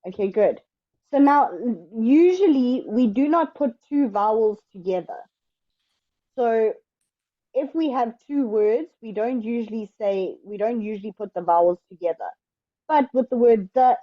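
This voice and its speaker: A woman teaching English in an online lesson, explaining step by step in a patient, slow way. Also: on the high side, lo-fi sound.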